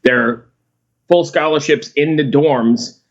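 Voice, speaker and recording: A man's voice: on the high side, slow pace. Man host on dull, lo-fi audio. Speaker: podcast host. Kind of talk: casual interview chat.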